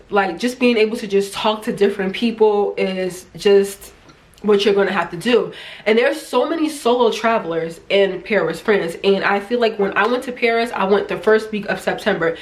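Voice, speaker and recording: A middle-aged American woman from New Jersey talks casually to her camera. She is chatty and animated and keeps slipping into the voices of people from her stories. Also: mid-range voice. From United States, New Jersey. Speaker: travel vlogger.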